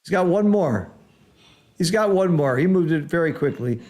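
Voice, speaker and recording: Brief: man, game commentator, slightly high voice, excitable, teacher's patient explanations. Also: moderate pace. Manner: excitable, exclaims loudly at big rolls, then explains calmly.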